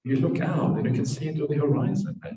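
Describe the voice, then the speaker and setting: A man's voice: on the high side, fast, a crowd in the background. A man, a Buddhist monk, gives a dharma talk at a meditation retreat, telling a parable and tagging sentences with "yeah". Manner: storytelling with frequent tag "yeah"s. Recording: distant mic in an echoey room.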